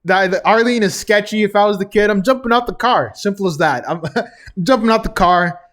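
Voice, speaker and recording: A man's voice: sits high, a little fast, a bit bright. A young man casually recapping a TV episode, chatty and chuckling often between remarks. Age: young adult. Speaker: TV recap vlogger.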